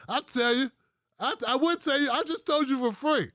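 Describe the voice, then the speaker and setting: A man's voice: very high-pitched, a little slow, pushed and bright, dry recording, studio quality. A man from the United States hosting a political livestream, ranting bluntly with heavy profanity and reading out viewer comments. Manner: reads out live chat comments. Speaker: livestream host.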